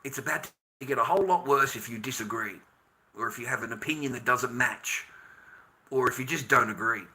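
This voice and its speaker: A man's voice: mid-range voice, brisk, bright, forceful tone, a little hiss or hum. An Australian man in his fifties on a livestream, lecturing the men in his audience in a heated, profane rant. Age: 50s. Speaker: livestreamer addressing viewers. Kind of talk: ranting livestream monologue.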